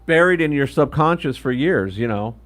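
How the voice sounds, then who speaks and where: Lively-voiced man with wry asides. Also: medium pitch, normal speed. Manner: dry, wry asides and short replies. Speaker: co-host. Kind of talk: casual late-night chat.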